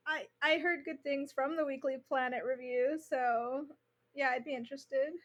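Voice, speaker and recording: A woman's voice: high voice, fairly even intonation, unhurried. A woman co-hosting a podcast, rambling casually with lots of fillers. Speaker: podcast co-host. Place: home, recorded remotely.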